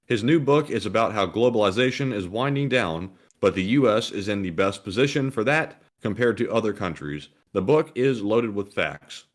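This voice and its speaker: A man's voice: fairly low pitch, expressive, moderate pace, few pauses. A man co-hosting a livestream, reading donations and viewer messages aloud in a plain, announcer-like way. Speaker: co-host reading super chats. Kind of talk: casual livestream chat.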